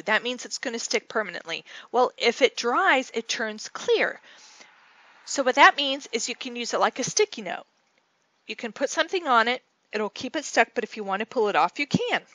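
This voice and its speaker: Chatty woman with a dry, higher voice. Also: lively intonation, normal speed, sharp tone, dry recording. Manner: chatty, rambling, with many fillers and restarts. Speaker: scrapbooking channel host. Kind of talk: casual storytelling and craft tutorial.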